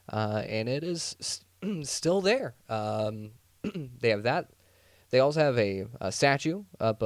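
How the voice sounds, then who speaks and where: A podcast host with a medium-pitched, darkish voice tells a true-crime story as a rambling, jokey monologue, full of restarts and sarcastic asides. There's no room sound.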